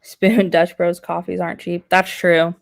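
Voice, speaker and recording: A woman's voice: on the low side, level tone, measured pace, creaky. A woman hosting a casual stream chat, reading out viewer comments. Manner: chatty, reads out viewer comments. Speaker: stream host.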